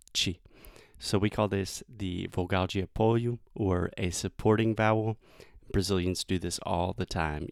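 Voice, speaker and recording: A man's voice: on the low side, no room sound, studio quality. Southern US man teaching pronunciation. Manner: explanatory, models pronunciation slowly. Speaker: English teacher. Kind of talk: pronunciation feedback lesson.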